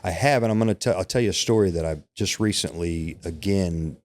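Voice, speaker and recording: This is a middle-aged man with a notably deep, low voice, speaking as a podcast guest. He tells an emotional personal story in a candid, conversational way. He keeps checking that his listeners follow along. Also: brisk, a little mellow. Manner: candid, emotional storytelling with frequent "right?" and "you know". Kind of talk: personal storytelling in casual interview.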